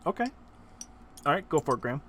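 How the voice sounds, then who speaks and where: A man's voice: fairly high pitch, lively intonation, fast, pushed and bright, slight background noise. A man running a tabletop game as game master, hesitant and joking.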